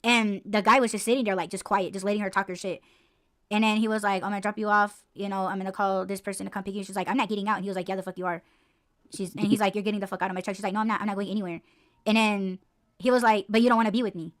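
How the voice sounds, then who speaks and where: Chatty podcast woman, swears a lot, says like constantly, mid pitch. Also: rapid-fire. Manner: animated storytelling, heavy swearing and "like" fillers. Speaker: podcast co-host. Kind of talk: casual chat.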